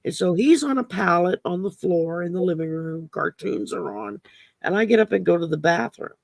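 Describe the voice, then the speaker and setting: A woman's voice: fairly low pitch, moderate pace, vocal fry, no room sound, clean studio sound. A middle-aged woman, co-hosting and telling stories in a casual chat, laughing often. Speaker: co-host.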